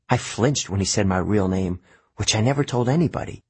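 Husky, expressive male audiobook narrator. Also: lowish voice, brisk, dry recording. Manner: expressive storytelling. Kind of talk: first-person audiobook narration.

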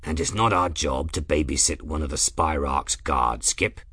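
A man voicing a grizzled, blunt male aeronaut crewman in an audiobook, with a low, gruff delivery. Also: sharp tone, dry recording, clean studio sound, full character voice. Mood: probing. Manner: gruff, blunt, quick to urge action.

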